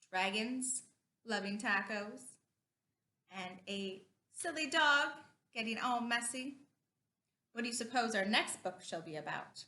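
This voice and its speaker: A woman children's librarian talking to kids at story time, animated, slow and clear. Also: mid-range voice. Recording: roomy echo.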